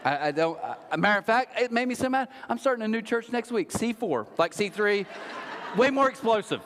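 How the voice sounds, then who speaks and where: A middle-aged man preaching a sermon as a pastor, humorous and animated with mocking asides. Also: sits high, brisk, a faint crowd, a little hiss or hum. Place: large church auditorium. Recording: long hall reverb.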